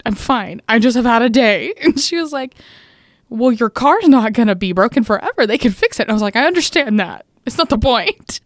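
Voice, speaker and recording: A young woman, co-hosting a podcast, telling a story in a lively way, laughing often and acting out what people said. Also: a little high, fairly quick, no echo, clean studio sound. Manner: animated, laughs often, acts out quotes. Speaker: podcast co-host. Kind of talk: casual chat, storytelling.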